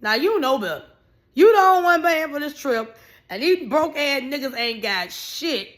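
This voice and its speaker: A woman giving casual, ranting commentary, blunt and animated, swearing freely and raising her voice in bursts. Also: high voice, brisk. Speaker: vlogger.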